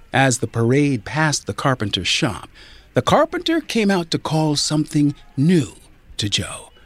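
A man reading a story aloud, with expressive, deliberate narration. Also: fairly high pitch, breathy edge, no echo. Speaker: reader.

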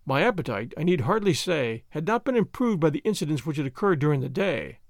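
A man narrating an audiobook in a measured, expressive storytelling manner. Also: a little high, dry recording, studio quality.

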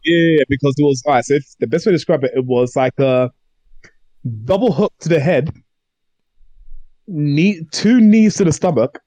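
A man's voice: on the high side, normal speed, long pauses, dry recording, poor audio. A young man, co-hosting a casual podcast chat and telling stories animatedly with many restarts. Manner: animated storyteller, lots of fillers and restarts. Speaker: podcast co-host.

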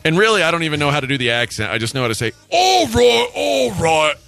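A man co-hosting a sports radio show, joking and ranting in animated casual banter. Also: medium pitch, rapid-fire, faint music behind. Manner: animated, mocking, jumps between ideas.

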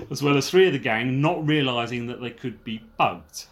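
A man's voice: medium pitch, normal speed, a little hiss or hum. A man co-hosting a casual true-crime podcast, reading out details and dropping wry, jokey asides. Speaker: podcast co-host.

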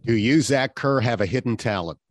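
Male radio interviewer, mid pitch, dry close sound, friendly and direct. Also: a little fast, dry recording, soft background music. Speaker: radio host.

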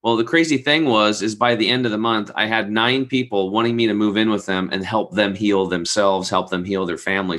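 A man in his forties with a bright, forceful tone tells a rambling personal story in a casual chat. He animates it by acting out the people he quotes, and drops casual swearing along the way. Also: lowish voice. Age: 40s. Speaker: guest telling a story.

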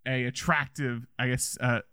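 A man's voice: mid-range voice, fairly even intonation, normal speed, bright, forceful tone, clean tone, no echo. A man casually chatting about a movie as a podcast co-host, rambling with many restarts and laughs.

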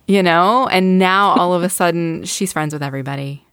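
Chatty woman with a lowish voice. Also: normal speed, fairly bright tone, clear, resonant tone, no echo, studio quality. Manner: enthusiastic, self-deprecating, chatty. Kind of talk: casual chat recapping a TV episode.

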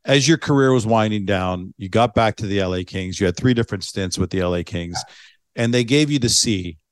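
Low-voiced enthusiastic podcast host, man. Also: a little fast, no echo. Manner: enthusiastic, appreciative questions. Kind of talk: casual interview chat.

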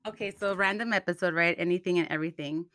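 A woman's voice: lowish voice, fast, no echo, clean studio sound. A woman co-hosting a casual chat podcast, telling stories animatedly, acting out quotes and switching between English and Spanish. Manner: animated storyteller, acts out quotes. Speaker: podcast co-host. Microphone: studio USB mic.

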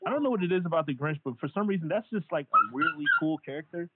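A man with a high, lively voice, rambling in easy slang and filler words. The sound is thin and phone-like, with a faint hiss. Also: racing, a loud crowd. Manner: loose slangy talk, many "like" fillers. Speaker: podcast co-host. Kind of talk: casual chat.

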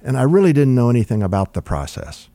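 Speaking fast in a mid-range voice with no echo, an older man who produces records spins long interview stories. His relaxed delivery meanders, with frequent fillers and false starts.

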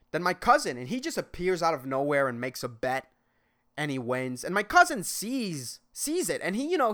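Young guy rambling solo on his podcast, swearing a lot, bright voice all over the place. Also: fairly high pitch. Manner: profane, animated and laughing. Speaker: podcast host.

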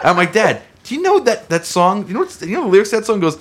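A man chatting casually among friends, telling animated stories and laughing often. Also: a little high, rapid-fire, few pauses.

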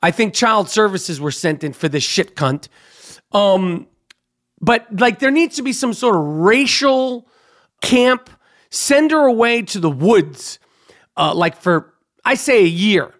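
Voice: mid-range voice, lively intonation, takes it slowly. An angry podcast host speaks into a studio mic in a mid-range voice. The delivery is a profane rant, full of stammers and restarts. Phrases get repeated for emphasis. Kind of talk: angry monologue commentary.

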